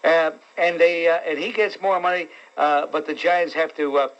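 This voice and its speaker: A man's voice: on the high side, steady tone, moderate pace, fairly bright tone. A man with a New York accent hosting a call-in talk radio show, blunt and sarcastic with callers. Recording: dull lo-fi radio broadcast.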